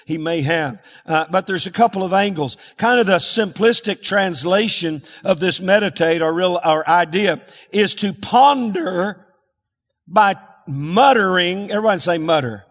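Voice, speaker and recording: A man's voice: high voice, lively intonation, measured pace, fairly bright tone, long reverb tail. A man preaching a folksy sermon, asking the congregation to call out words back to him. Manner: folksy, calls for congregation responses. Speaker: pastor.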